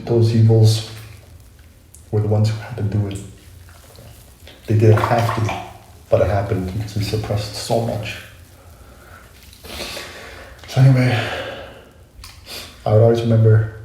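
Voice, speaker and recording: A man's voice: lowish voice, dark tone. A young man telling a personal story in a casual vlog, rambling, correcting himself and reflecting as he goes. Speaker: vlogger. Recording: very echoey room, faint noise.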